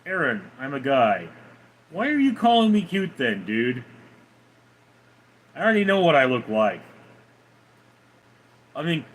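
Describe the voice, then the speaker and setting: A man's voice: medium pitch, huge pitch swings, unhurried, pauses often, a bit bright, low-quality recording. A man hosting a casual livestream, laid-back as he answers viewers' chat messages one by one. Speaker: livestream host reading chat.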